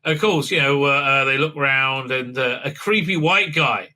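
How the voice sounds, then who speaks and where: A male host with a medium-pitched, bright, forceful voice gives a rambling, casual rundown of a TV episode. Expect lots of fillers, a halting flow, snide asides, and quotes played out in silly voices.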